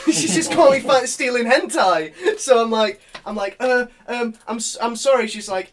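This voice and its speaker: A man's voice: high-pitched, lively intonation, fairly quick. A man in casual podcast chat, telling a dream story animatedly, swearing and laughing as he goes. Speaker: podcast co-host.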